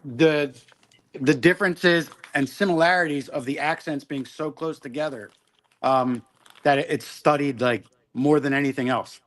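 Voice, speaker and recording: A man's voice: on the high side, moderate pace, fairly bright tone. A man from a rock band chatting casually, hesitant, filling his talk with ums and likes. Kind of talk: casual chat.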